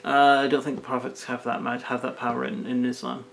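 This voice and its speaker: A man co-hosting a casual film-review chat at home, with dry, quiet interjections and corrections. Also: mid-range voice, level tone, brisk, creaky. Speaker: co-host. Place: home room with a film playing on the TV.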